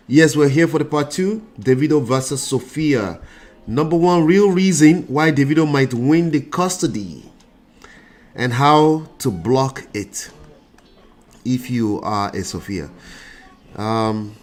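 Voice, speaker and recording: A congested man hosts a casual livestream, chatting loosely and calling out viewers by name. His voice sits at an ordinary middle pitch for a man. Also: lively intonation, slow pace, darkish tone. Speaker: relationship coach and show host.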